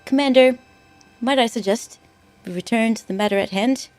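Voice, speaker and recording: A woman's voice: on the high side, normal speed, a little mellow, pitched above the performer's own voice, close to an everyday voice. A poised female advisor in a video game speaks politely and formally, voiced by a woman. The delivery is raised and careful. Faint game music plays behind her.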